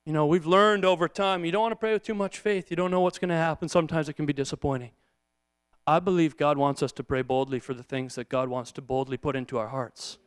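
A man's voice: sits high, clear, resonant tone, no echo. A man in his thirties, a pastor preaching a sermon in a chatty storytelling way, acting out prayers and family moments. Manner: conversational storytelling, acts out quoted prayers.

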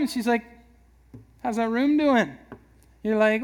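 A man giving a casual, conversational sermon, acting out quick voices for everyday scenes. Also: very high-pitched, expressive. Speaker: preacher.

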